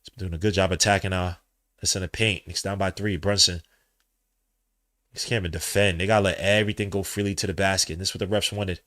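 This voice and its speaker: A young man doing live watch-along commentary as a podcast host, trading muttered play-by-play for loud slangy outbursts. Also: deep voice, steady tone, quick pace.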